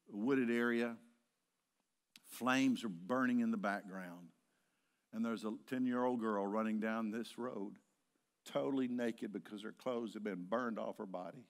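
An older man, a pastor, preaching a sermon and telling stories, at times rising to impassioned shouting. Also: medium pitch. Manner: storytelling, building to impassioned shouting. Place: church sanctuary.

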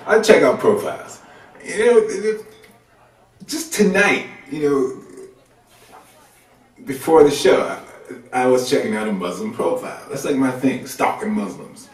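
A man's voice: medium pitch, unhurried, long pauses. A man doing a stand-up comedy set on a club stage, talking in a loose, colloquial, conversational way. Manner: loose, conversational, colloquial delivery with lively swings. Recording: roomy club sound from a distant mic.

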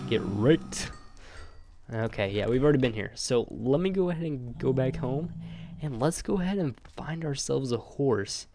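A young man giving chatty, excitable let's-play commentary, joking and talking to his viewers as he plays. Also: mid-range voice, creaky, a little hiss or hum. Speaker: gamer.

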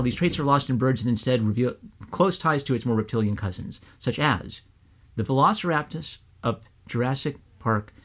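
A man imitating a male audiobook narrator who reads flatly, runs his sentences together without pauses and stresses odd words. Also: medium pitch, lightly acted. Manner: flat, run-together reading with odd stresses.

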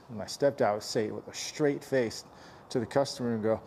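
A man's voice: mid-range voice, fairly even intonation, fast, creaky, darkish tone, a little hiss or hum. A man chatting and joking as he repairs a car dent, grumbling under his breath now and then. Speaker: paintless dent repair technician. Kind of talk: casual running commentary while working.

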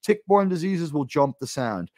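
A middle-aged New man hosts a livestream in a casual, rambling way, cursing freely and tossing wry asides to his chat. His voice sits a little high for a man. It is recorded close and dry, with no room sound. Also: big pitch swings, normal speed, warm tone, dry recording. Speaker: livestream host.

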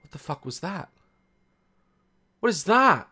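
A man's voice: high-pitched, sing-song, a little slow, very noisy. Young guy roasting a video, swears a lot, keeps cracking up, voice jumps all over. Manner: mocking, swears often, bursts into laughter, swings between loud outbursts and mutters. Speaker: YouTuber reacting to a music video. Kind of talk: reaction commentary.

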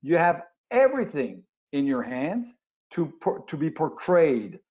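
An older man from Quebec, Canada, a guest retail expert, explains his webinar interview answers a little slowly, restarting often and filling with "uh." His fairly high voice swings widely in pitch, and the video call audio is lo-fi.

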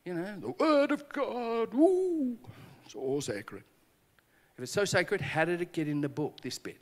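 A man with a voice on the high side gives a conference sermon at a moderate pace, with a big-room sound around him. He tells animated stories, performs the dialogue and jokes about himself.

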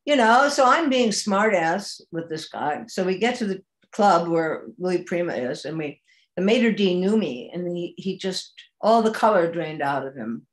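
Lively older woman telling stories. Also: lowish voice, unhurried. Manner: lively, animated, laughs as she tells it. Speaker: actress guest. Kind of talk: anecdotal storytelling.

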